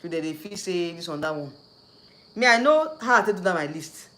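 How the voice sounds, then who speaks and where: A man's voice: high-pitched, animated, fairly quick, pushed and bright. A man with a Nigerian accent hosting a casual livestream, rambling and repeating himself, slipping in and out of Nigerian Pidgin. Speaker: YouTube host.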